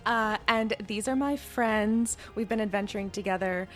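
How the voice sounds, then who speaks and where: A woman's voice: mid-range voice, moderate pace, soft background music. A woman playing a tabletop role-playing game, speaking in character in a bubbly, gushing way. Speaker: player.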